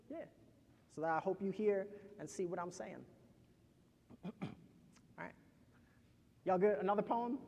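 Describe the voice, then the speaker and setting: Male storyteller, high register, casual crowd-facing talk, long reverb from a college hall. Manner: loose and conversational, addresses the crowd directly. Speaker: storyteller and poet. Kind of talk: casual talk to a live audience.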